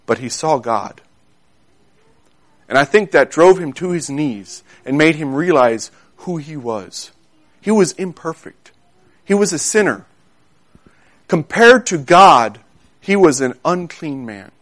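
A man preaching a sermon in an earnest, emphatic way, repeating key words and reading scripture slowly. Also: on the high side. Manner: reads scripture aloud slowly.

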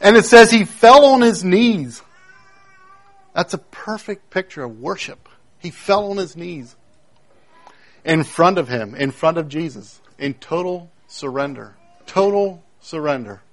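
A man preaching a sermon, emphatic, repeating key phrases and swinging between loud declarations and hushed moments. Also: high-pitched, expressive, unhurried. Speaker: pastor.

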